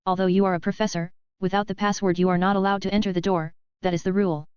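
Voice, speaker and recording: A prim, haughty lady in a painted portrait as a woman narrator voices her, in a very smooth, clear voice. The recording is muffled and lo-fi with no room echo. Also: mid-range voice, little pitch movement, quick pace, darkish tone, lightly acted. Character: stern, gossipy female painted portrait. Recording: dull, dry lo-fi audio.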